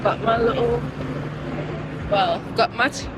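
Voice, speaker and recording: A young woman from the United Kingdom, chatting excitedly in a casual travel vlog while walking city streets, filmed on a handheld phone. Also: fairly high pitch, slow pace, very noisy. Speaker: travel vlogger.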